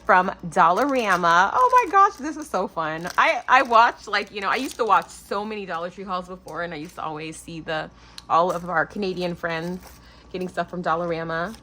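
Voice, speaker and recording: Gushing bright-voiced woman unboxing crafts. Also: lowish voice, fairly quick, slight background noise. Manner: gushing, excitable, lots of "oh my gosh". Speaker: craft channel host. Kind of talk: casual unboxing chat.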